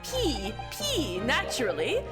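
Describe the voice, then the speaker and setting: A woman's voice: high-pitched, huge pitch swings, slow pace, heavily acted. A woman voicing a pompous, eccentric male detective in a game, with theatrical, flowery phrasing, over game music. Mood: grandiose. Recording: game music playing behind.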